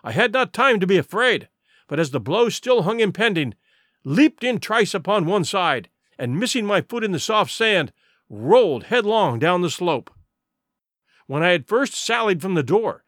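A man's voice: high voice, very animated, moderate pace, fairly bright tone, dry recording, clean studio sound. A man narrating an adventure audiobook in a vivid, dramatic storytelling manner.

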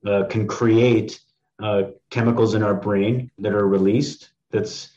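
A low-voiced man from the East Coast co-hosts a podcast, explaining points at length with hesitant fillers. The recording sounds dull and lo-fi. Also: steady tone, slow pace, dark tone. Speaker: podcast co-host. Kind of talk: casual podcast chat.

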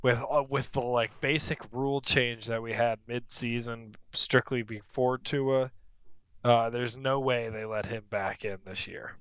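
A man's voice: medium pitch, steady tone, a little slow, a bit bright, clear, resonant tone, no echo, highs cut off. A man co-hosting a casual sports podcast, dropping wry, joking asides. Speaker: podcast co-host.

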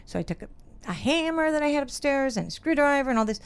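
A middle-aged woman hosting a casual talk show, telling stories with lively acted-out quotes. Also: high-pitched, fast. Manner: animated storyteller, acts out quotes with big laughs. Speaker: radio show host. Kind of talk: casual chat.

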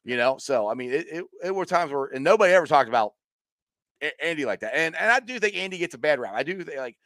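A man hosting a casual sports chat who tells stories with lively quoted voices and laughs. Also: fast, no echo, studio quality. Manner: animated storyteller, acts out quotes with high squeals and laughs. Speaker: podcast host.

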